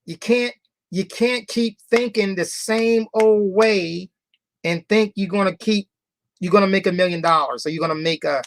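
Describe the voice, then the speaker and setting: A man's voice: high voice, vocal fry, fairly bright tone, no echo. A man, a company founder, telling a motivational story to members, repeating phrases for emphasis and asking the audience rhetorical questions. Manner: repeats phrases for emphasis, drawn-out key words.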